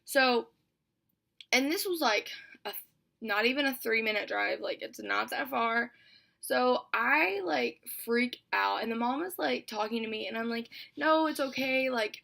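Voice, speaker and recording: A woman's voice: on the high side, unhurried, vocal fry, sharp tone. A young woman telling a storytime vlog in a chatty way, filling almost every phrase with "like". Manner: chatty, says "like" constantly. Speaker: vlogger.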